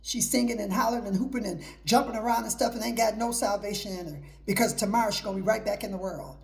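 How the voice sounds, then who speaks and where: A woman's voice: medium pitch, quick pace, vocal fry, a little mellow. A middle-aged woman hosting her own show, giving an emphatic, repetitive preaching talk mixed with personal testimony. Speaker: host.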